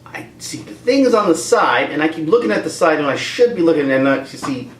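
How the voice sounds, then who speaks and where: A man rants through a movie review, joking as he goes. His voice sits a bit high and swings up and down with lots of energy. The sound is roomy and echoey, with the mic set a little away from him. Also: brisk, recorded from a distance, slight background noise. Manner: animated, joking rant. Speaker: YouTube comedian and reviewer.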